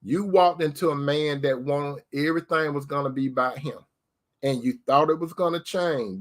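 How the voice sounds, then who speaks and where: A man giving preacher-style relationship advice, asking rhetorical questions and calling listeners sister. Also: fairly high pitch. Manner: addresses listeners as sister, repeats key phrases.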